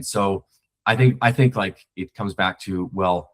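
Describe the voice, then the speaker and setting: A man's voice: deep voice, unhurried. A man talking as a podcast guest, a screenwriter, reflective and rambling with many restarts. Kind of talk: casual conversation.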